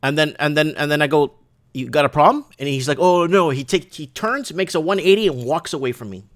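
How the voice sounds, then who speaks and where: Excitable man hosting a livestream. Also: a little high, fast talker. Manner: rambling, excitable, repeats "right?" and restarts. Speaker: livestream show host. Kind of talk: casual livestream chat. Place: his shop.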